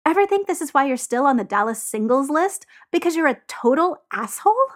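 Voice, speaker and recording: A woman's voice: high-pitched, big pitch swings, fairly quick, voice pushed up. A woman reading aloud and voicing a brash, theatrical young man who teases and snaps. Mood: angry. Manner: theatrical, mocking, then snapping. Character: brash teasing young man, hot-tempered.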